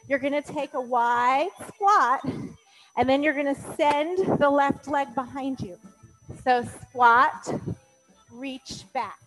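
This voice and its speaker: A high-pitched woman guides an exercise class at an unhurried pace, calling out each move and cheering people on. She sounds a little out of breath, with faint music playing behind her. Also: low-quality recording. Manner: encouraging, counting out moves. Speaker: fitness instructor.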